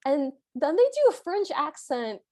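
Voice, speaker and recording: A woman co-hosting a casual podcast, retelling film scenes in a lively way. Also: high-pitched, a little slow. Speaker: podcast co-host.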